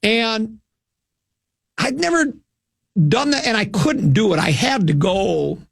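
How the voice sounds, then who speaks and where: A man's voice: high voice, expressive, slow pace, gravelly, breathy edge, no echo, clean studio sound. An older man from hosting a radio show, telling a rambling, self-mocking anecdote with many restarts. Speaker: radio host.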